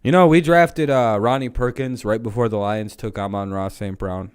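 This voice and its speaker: A man's voice: on the low side, moderate pace, smooth. A man hosting a livestream, chatting casually about football in a rambling, joking way with plenty of swearing. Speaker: livestream host. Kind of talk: casual sports chat.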